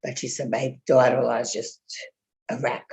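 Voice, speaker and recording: A woman's voice: very deep voice, level tone, moderate pace, gravelly, darkish tone, a little hiss or hum. An older woman chatting casually with fellow congregants, telling a rambling story full of fillers and quoted speech. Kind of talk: casual chat.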